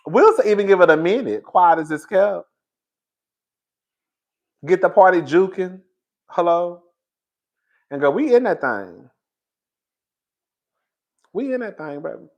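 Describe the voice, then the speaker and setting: A young man with a high-pitched voice hosts a casual gossip commentary show. He talks in an animated, campy, slang-heavy way, breaking into loud laughter. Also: a little slow, pauses often, lo-fi sound. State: out of breath. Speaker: host.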